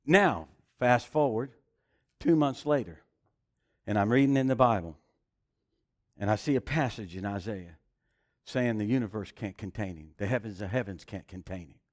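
A man's voice: on the low side, moderate pace, pauses often, a little mellow. A man preaching a sermon with emphasis, mixing scripture with personal testimony and rhetorical questions.

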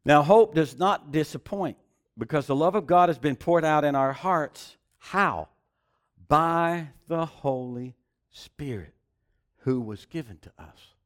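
Guy preaching a sermon, kinda high voice, emphatic, tells his own story. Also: lively intonation, takes it slowly. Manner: emphatic preaching with personal testimony; rhetorical questions.

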